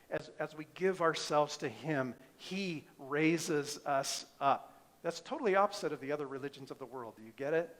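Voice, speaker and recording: A man's voice: fairly high pitch, fairly bright tone. A middle-aged male pastor preaching a sermon, emphatic, asking the congregation rhetorical questions.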